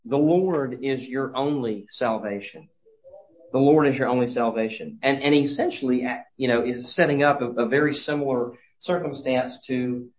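A man's voice: mid-range voice, muffled recording. A man preaching a sermon in an earnest way, often restarting his phrases as he goes. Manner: earnest, halting with frequent restarts. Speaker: pastor.

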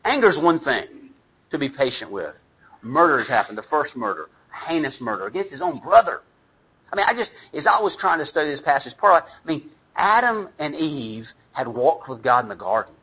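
Middle-aged male preacher with a slightly high, husky voice; talks to the congregation in an informal, self-deprecating way. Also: big pitch swings, brisk, bright, forceful tone, rough recording. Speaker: pastor. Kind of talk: sermon.

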